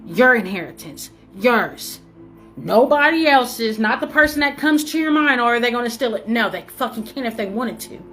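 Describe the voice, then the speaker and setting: Woman, higher voice, spiritual pep talk, swears a lot, repeats herself, faint music behind. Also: animated, moderate pace, pushed and bright. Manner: emphatic, repetitive, swears freely, calls listener baby. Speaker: spiritual reader. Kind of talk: motivational spiritual message to viewers.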